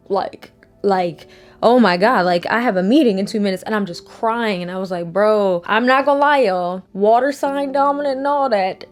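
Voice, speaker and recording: A young woman vlogging to camera, speaking candidly and rambling, fighting back tears at times, acting out quotes in animated voices. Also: medium pitch. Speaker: YouTuber. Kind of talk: casual vlog talk to camera.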